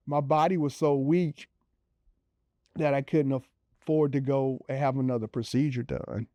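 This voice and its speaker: A man telling his own story in a relaxed, conversational way, with many fillers and acted-out quotes of other people. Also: mid-range voice, normal speed, no room sound, muffled recording. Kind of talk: personal storytelling.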